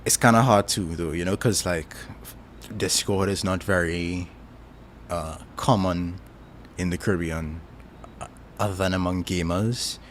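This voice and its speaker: A man's voice: low-pitched, fairly even intonation, a little slow, pauses often, a little hiss or hum. A Trinidadian man casually chatting with his stream audience, rambling and thinking aloud with lots of filler words. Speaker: streamer answering chat. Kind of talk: casual chat.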